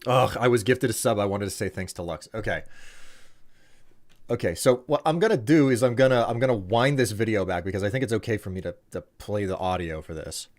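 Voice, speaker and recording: A man hosts a live stream, musing aloud in casual commentary and often restarting his sentences. His voice sits low. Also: a little fast.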